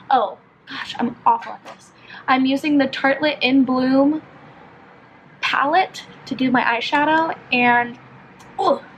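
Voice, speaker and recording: Young female vlogger from California, high voice, chatty and filler-heavy, telling a story while doing her makeup at home. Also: slight background noise, rough recording. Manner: chatty, filler-heavy, animated retelling with lots of "like". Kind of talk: casual get-ready-with-me storytelling.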